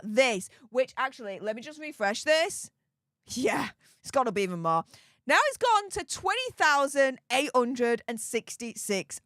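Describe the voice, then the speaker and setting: A woman hosts a casual commentary vlog, mocking what she reads out and exclaiming as she goes. Her voice sits a little high and swings widely in pitch. The sound is dry and close, with no room around it. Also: a bit bright, no room sound. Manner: sarcastic and mocking, exclaiming often. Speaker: commentary channel host.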